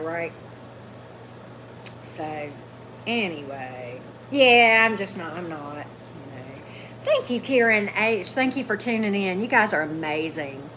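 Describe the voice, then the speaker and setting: A woman, talking casually on a livestream as a tarot reader, her voice going hoarse, chatting with viewers and calling her dog in a high coaxing voice. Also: fairly bright tone, slight background noise. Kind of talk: casual live chat with viewers. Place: indoors at a table at home.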